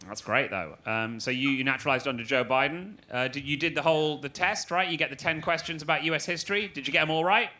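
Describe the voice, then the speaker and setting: A man's voice: fairly high pitch, quick pace, few pauses. A man doing a stand-up comedy set, teasing the crowd in a wry way. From England. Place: comedy club stage. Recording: loud audience noise in club.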